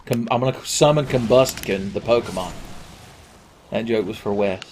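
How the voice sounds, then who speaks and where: A man's voice: lowish voice, normal speed, darkish tone, a little hiss or hum. Sarcastic, joking gameplay commentator man. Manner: sarcastic, profane, rambling jokes. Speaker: game commentator. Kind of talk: let's play commentary.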